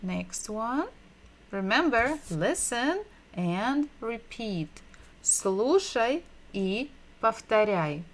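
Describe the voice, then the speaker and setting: A woman giving a livestreamed language lesson, patiently repeating sounds and words slowly so learners can drill them. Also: a little high, very animated. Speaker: Russian language teacher.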